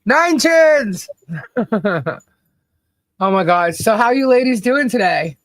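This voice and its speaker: A woman's voice: on the high side, expressive, slow, dry recording. A woman co-hosting a livestream in casual chat, laughing often and greeting viewers by name. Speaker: livestream co-host.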